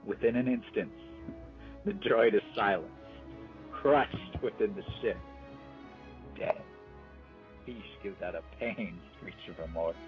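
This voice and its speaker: A man narrating a playful story over gameplay, animated and amused, with chatty asides. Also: on the low side, slow pace, pauses often. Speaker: gaming storyteller. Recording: dull, muffled recording with faint music.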